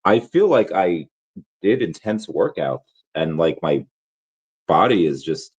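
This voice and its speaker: Hoarse, rambling man on a dull recording. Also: low voice, big pitch swings, slow pace. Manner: rambling, restarts often, heavy fillers. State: hoarse, worn-out voice. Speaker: crypto collectibles vlogger. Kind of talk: casual chat.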